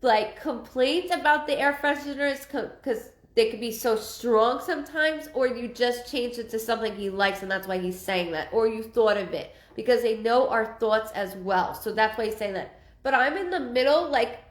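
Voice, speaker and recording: A woman's voice: on the high side, normal speed, echoey room. A woman giving a live psychic reading, rambling and repeating herself with many ums. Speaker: psychic medium.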